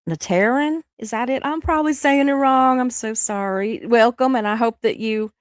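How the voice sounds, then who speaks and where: Reading viewer comments on a laid-back livestream, a middle-aged host who's sick with the flu rambles and laughs a lot. Her voice is on the high side with fairly even intonation and a normal pace, captured in studio quality with no room sound.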